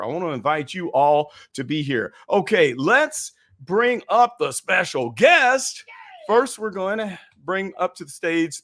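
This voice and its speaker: A man with a raspy voice hosting a casual political live stream, chatty and folksy, greeting his viewers. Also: on the high side, fairly bright tone. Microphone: webcam and computer mic.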